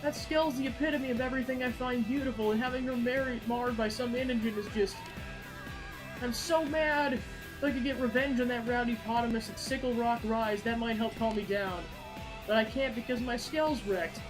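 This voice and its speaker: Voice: mid-range voice, moderate pace, over music, close to an everyday voice, rough recording. A gamer reading game dialogue plays a hot-headed young man who is fixated on his ride. He sounds whiny and indignant, and his complaints pile up. The voice sits in a middle range. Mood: angry.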